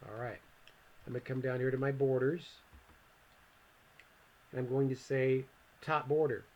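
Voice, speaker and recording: Male instructor, mid-pitched voice, casual screencast walkthrough, slightly muffled lo-fi recording. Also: fairly even intonation, moderate pace. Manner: casual, talks to himself while clicking; joking asides to viewer. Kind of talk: screencast software tutorial.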